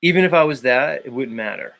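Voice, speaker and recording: A man's voice: mid-range voice, lively intonation, brisk, creaky, fairly bright tone. A man hosting a livestream in a casual chat, reading out viewers' names and arguing his points. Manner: reads out chat names, argumentative. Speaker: livestream host.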